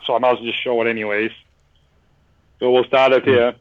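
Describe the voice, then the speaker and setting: A man's voice: mid-range voice, level tone, a little fast, no echo, lo-fi sound. A man from New England, a podcast guest, telling a long story in a rambling way, with many restarts and acted-out bits of other people's lines. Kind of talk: casual storytelling.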